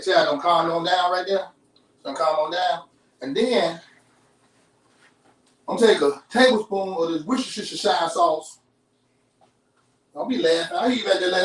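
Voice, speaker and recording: Cooking host, male, chatty and down-home, fairly high voice, distant roomy sound. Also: moderate pace, pauses often. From Chicago. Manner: chatty, folksy, talks straight to viewers. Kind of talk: live cooking demonstration. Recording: roomy kitchen, off-mic.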